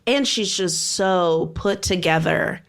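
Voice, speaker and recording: Slow-talking, low-voiced woman guest. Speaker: guest comedian. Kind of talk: casual comedy podcast chat.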